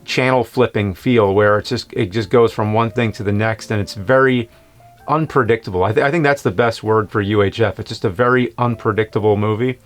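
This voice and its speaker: A man hosting a casual film review, talking in an unhurried, hesitant way. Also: fairly low pitch, faint music behind. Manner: unhurried, hesitant, many fillers. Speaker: show host, film reviewer.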